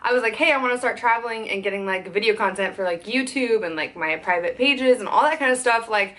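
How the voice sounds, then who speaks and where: Young woman, fairly high voice, fast worked-up venting, lots of swearing. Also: a bit bright. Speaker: content creator. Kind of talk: venting storytime vlog.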